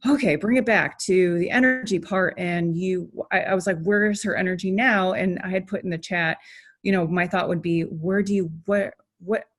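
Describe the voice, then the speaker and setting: A woman's voice: fairly low pitch, fairly even intonation, moderate pace. Chatty woman recounting her thoughts. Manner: chatty, retells her own thoughts in quotes. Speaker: coach observing a session. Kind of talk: casual feedback on a video call. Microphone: video call.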